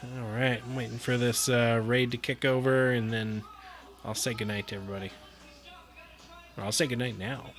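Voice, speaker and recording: A man with a mid-range voice speaks at normal speed in a flat way, leaving long pauses. While playing pinball on a live stream, he's chatty with his viewers and laughs often.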